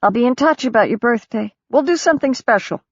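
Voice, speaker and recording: A woman narrator voicing a weary middle-aged mother, gentle and firm, on a dull lo-fi recording. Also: a little high, lively intonation, fast talker, no echo, pitched above the performer's own voice.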